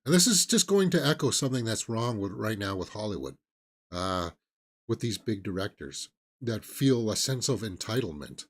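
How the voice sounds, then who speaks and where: A man's voice: fairly low pitch, big pitch swings, moderate pace. A man hosting a casual movie news stream, rambling and opinionated, with lots of fillers and restarts. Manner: sarcastic, mocking impressions of celebrities. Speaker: movie news show host. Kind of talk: casual live-stream chat.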